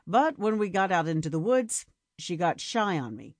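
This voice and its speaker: A woman voicing a flirtatious outdoorsy man, speaking low and smooth with a teasing manner. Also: big pitch swings, moderate pace, no room sound, clean studio sound. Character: flirtatious man, deep-voiced outdoorsy charmer.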